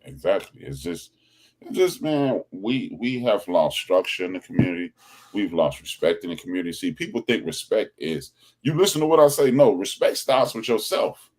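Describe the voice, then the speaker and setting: A man hosting a podcast in casual chat, telling stories in an animated way and acting out the people he quotes. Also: low voice, moderate pace. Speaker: podcast host.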